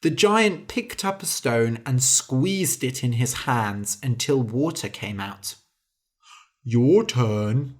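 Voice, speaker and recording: Casting: patient storybook narrator for learners, slow and clear with a lively, varied voice. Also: mid-range voice.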